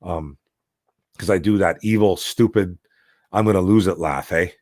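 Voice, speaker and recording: A man's voice: sits low, moderate pace, darkish tone, dry recording, studio quality. A man hosting a casual sports talk show, ranting heatedly and repeating "man" and "bro.".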